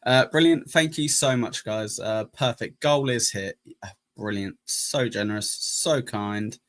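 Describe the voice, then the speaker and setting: A man's voice: mid-range voice, unhurried, fairly bright tone. A man with an English accent hosting a live stream, chatting casually, joking and thanking donors. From England. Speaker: streamer host reacting to clips.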